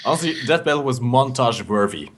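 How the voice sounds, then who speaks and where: A man co-commentating a live esports tournament, giving animated play-by-play and analysis. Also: medium pitch, fairly quick.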